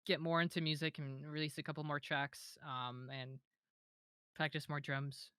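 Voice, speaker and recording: A woman's voice: sits low, steady tone, moderate pace, fairly bright tone, clean tone, no echo, clean studio sound. A young woman talking casually as an interview guest, hesitant with many fillers and restarts, giggling now and then. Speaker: modpack creator, interview guest.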